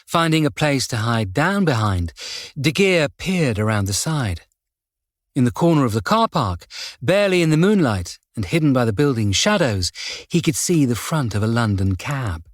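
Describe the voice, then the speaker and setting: A man narrating a crime thriller audiobook in a measured, steady way. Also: mid-range voice, dry recording, studio quality. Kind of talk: scripted narration.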